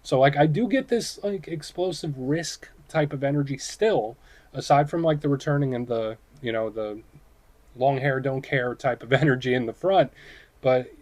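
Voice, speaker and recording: A man with a mid-range voice gives a relaxed tarot reading to camera. He chats with his viewers like friends and keeps tossing in "right?" and "it's like". Now and then he slips into short acted quotes. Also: medium pitch, normal speed. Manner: chatty, addresses viewers directly, acts out short quoted voices. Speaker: tarot reader.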